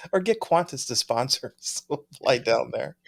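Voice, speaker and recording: A man's voice: medium pitch, very animated, a little slow, vocal fry, breathy edge. A man co-hosting a podcast, reading listener mail in a chatty way, laughing often and trailing off mid-sentence. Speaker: podcast co-host. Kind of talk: casual chat.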